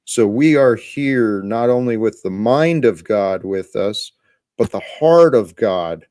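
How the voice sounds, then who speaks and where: A man hosting a livestream faith talk, speaking earnestly in a preacherly way and rising with excitement at times. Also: fairly low pitch, no room sound, studio quality. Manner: earnest, preacherly, slow and deliberate with excited rises. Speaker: host.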